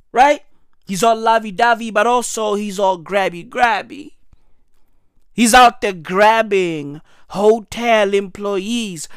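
A man's voice: very high-pitched, fairly bright tone, clean tone, no room sound, clean studio sound. A man giving profane, mocking satirical commentary on the news, full of slang asides.

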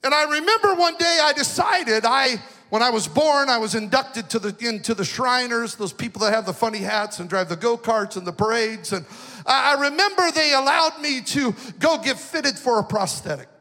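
A man's voice: very high voice, animated, normal speed, pushed and bright. A man from the western United States, a pastor, preaching a personal, emotional story with sing-song swells in his delivery. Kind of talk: storytelling sermon. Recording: long hall reverb.

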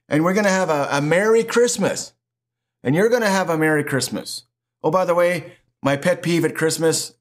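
A middle-aged man preaching a sermon as pastor, emphatic and animated, with lots of repetition. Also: a little high.

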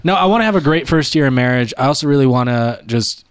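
A man's voice: medium pitch, expressive, quick pace, smooth, no room sound, studio quality. A young man in casual chat among friends, rambling with many fillers and restarts.

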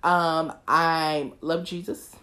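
A woman's voice: deep voice, little pitch movement, drawn-out words, pushed and bright. A woman in her twenties from East Texas hosting her own podcast in casual, talkative chat, slipping into bursts of preaching. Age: 20s. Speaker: podcast host.

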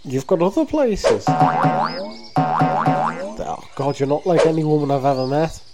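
A man's voice: a little high, animated, unhurried, over loud music. A man in an improvised comedy play, trading cheeky, dry banter. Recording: loud background noise.

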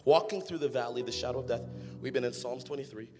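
A young adult man preaching an energetic sermon, rising to shouted, half-sung exhortation. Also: medium pitch, fast. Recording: music playing behind.

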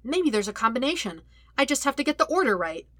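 A woman voicing a sarcastic, jumpy teenage boy in a fan-fiction audiobook, her voice raised and louder for his lines. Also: sits high, very animated, fast, no room sound, pitched above the performer's own voice, full character voice. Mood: musing. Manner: sarcastic, squawking when startled.

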